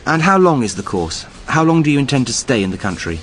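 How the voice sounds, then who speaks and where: A man's voice: mid-range voice, big pitch swings, quick pace, a bit bright, a little hiss or hum. An actor playing a courteous male immigration officer who asks formal questions in a scripted scene.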